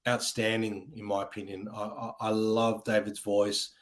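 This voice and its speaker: A man's voice: on the low side, little pitch movement, moderate pace. A man hosting a casual music chat show, talking with enthusiasm and rambling with many ums. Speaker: podcast host.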